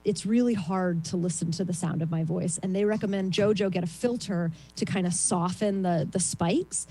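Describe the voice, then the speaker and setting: A woman doing a rambling, self-deprecating stand-up set over a video call, with a voice she calls shrill and lots of ums. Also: normal speed, warm tone, poor audio. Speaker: stand-up comedian.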